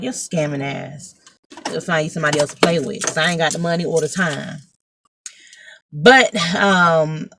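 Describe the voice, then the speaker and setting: A woman vlogging casually from her phone, telling a story in a blunt, animated way and swearing freely. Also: on the low side, creaky. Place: outdoors, arriving at a building.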